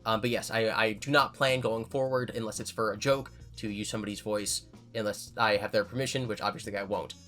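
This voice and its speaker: A man's voice: lowish voice, fairly even intonation, fairly quick, few pauses, a bit bright, faint music behind. A man hosting his own channel, answering viewer questions in casual chat and thinking aloud with frequent restarts.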